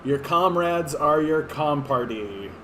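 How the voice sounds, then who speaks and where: A man's voice: fairly high pitch, lively intonation, takes it slowly, a bit bright, slight background noise. A man in his thirties from Canada, rambling through casual political commentary on clips, sarcastic and profane, full of fillers and restarts. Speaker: political streamer.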